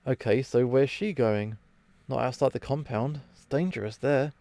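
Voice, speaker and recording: A man's voice: mid-range voice, normal speed, warm tone, no room sound, lightly acted. A man voicing an anxious, rule-following young male reindeer. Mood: worried. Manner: nervous and dutiful.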